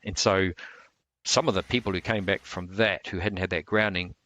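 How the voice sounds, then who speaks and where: Low-pitched and steady, his voice sounds bright and forceful at an ordinary speed. Interviewed as a martial artist in a relaxed storytelling chat, he rambles through long anecdotes full of restarts and filler words.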